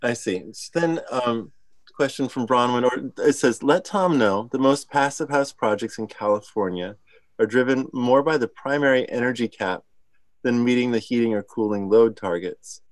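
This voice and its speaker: A man hosts the question round of an online talk. His voice is mid-pitched and recorded dry and close, and he reads out audience questions in a friendly, apologetic way. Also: normal speed, no room sound. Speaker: moderator. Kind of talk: hosting a webinar Q&A. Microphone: video call.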